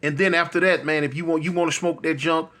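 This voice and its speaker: A man's voice: on the high side, fairly even intonation, fast talker, sharp tone. A man telling a story in a loose, conversational way, often checking in with the listener. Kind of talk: casual street storytelling.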